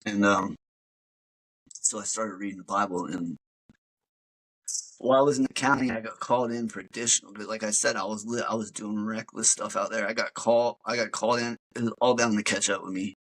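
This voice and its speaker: A man's voice: on the low side, fairly even intonation, brisk, a bit bright, poor audio. A man, a podcast guest, tells his personal story in a casual, rambling way, full of fillers and calling the host dude. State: emotional.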